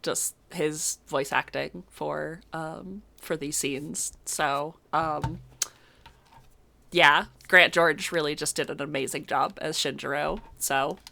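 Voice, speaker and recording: A young woman gives casual, effusive commentary while she plays a game, her voice sitting a little low yet sounding bright and forceful. She talks in loose runs, with fillers and restarts. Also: steady tone, takes it slowly, creaky. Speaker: streamer playing a video game.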